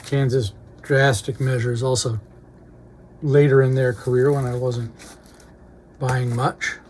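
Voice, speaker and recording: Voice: mid-range voice, little pitch movement, slow, a little mellow, slight background noise. A record collector casually talking through an unboxing, reading out record titles with brief remarks on each.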